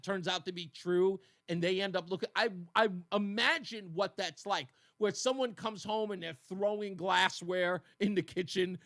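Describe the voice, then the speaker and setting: A man hosting a political talk radio show, talking in an animated, mocking way and laughing often. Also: high-pitched. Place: radio studio.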